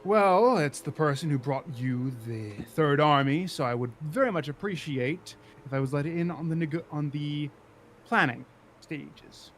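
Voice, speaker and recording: A man's voice: a little high, unhurried, a little hiss or hum, lightly acted. A man putting on a sneering, scheming politician. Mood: indignant. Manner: sneering, cutting insults. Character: scheming, mocking male politician who runs a city.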